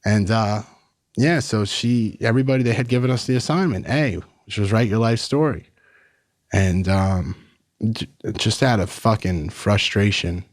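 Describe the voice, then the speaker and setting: A man in his thirties from New York tells his story as a podcast guest, casual and blunt, with plenty of swearing and "bro". His voice sits on the low side. The recording is close and dry, with no room sound. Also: normal speed, no room sound. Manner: blunt, profane, animated retelling with lots of "like" and "bro".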